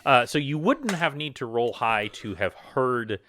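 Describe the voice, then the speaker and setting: A man's voice: medium pitch, sing-song, measured pace, fairly bright tone, slight background noise. A man narrating a tabletop game as game master, loose and rambling with many fillers.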